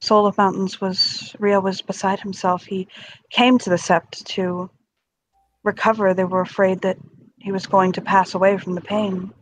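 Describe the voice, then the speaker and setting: A woman's voice: mid-range voice, flat delivery, normal speed. A woman playing a character in a tabletop role-play, shifting between hesitant narration and polite, formal in-character speech. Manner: hesitant, restarts, polite in character, laughs at herself. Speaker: player.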